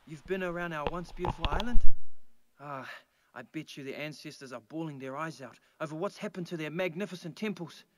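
A man's voice: fairly high pitch, fairly quick, fairly bright tone, natural voice. A man playing an earnest British islander. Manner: polite, pleading. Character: earnest male islander asking for help.

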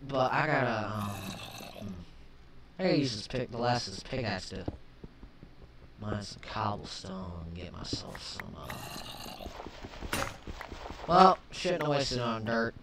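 A young man giving let's play commentary, chatting calmly and then flaring into shouted rage at the game, often swapping swears for milder words. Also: fairly low pitch, slow pace, pauses often. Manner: swaps swears for mild substitutes. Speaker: gaming commentator. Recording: distant mic with faint hiss.

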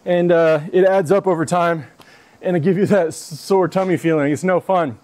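A man's voice: high-pitched, steady tone, normal speed, darkish tone. A man on a casual gear review vlog, talking loosely and swearing freely, out of breath after a long ruck march, outdoors with a clip-on mic. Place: outdoors in his front yard.

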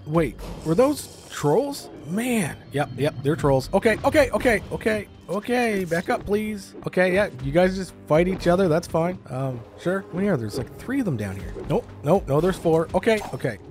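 A man narrating and reacting live as a gaming YouTuber, excitable and quick to cry out in alarm. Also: on the high side, soft background music. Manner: excitable, lots of startled exclamations. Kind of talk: let's-play commentary with narration.

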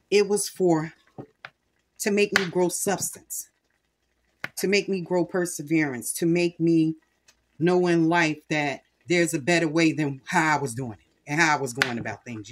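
A woman's voice: deep voice, a little hiss or hum. A middle-aged woman hosting a home cooking video, talking candidly and earnestly about her faith while she cooks. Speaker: cooking channel host. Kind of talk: casual cooking vlog with personal testimony.

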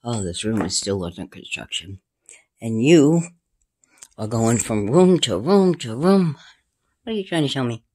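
A woman, filming at home and rambling casually to her camera and her cat, often sliding into a high sing-song baby voice. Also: expressive, unhurried, long pauses, darkish tone, husky. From New York. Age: 50s. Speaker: paranormal vlogger. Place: indoors at home in a room.

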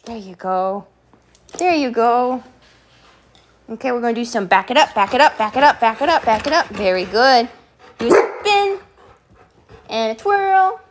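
A woman hosting a home live stream, playfully giving her dogs quick commands and thanking viewers, a bit out of breath. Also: a little high, slight background noise. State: slightly out of breath. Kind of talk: live stream chat while training dogs.

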